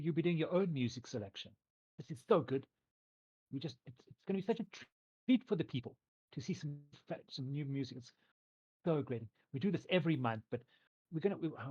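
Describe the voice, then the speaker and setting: A man's voice: mid-range voice, darkish tone, husky, pitched above the performer's own voice. A man voicing an eager, fussy town mayor who gushes and rambles, on a dull lo-fi mic. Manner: gushing, rambling, hurried.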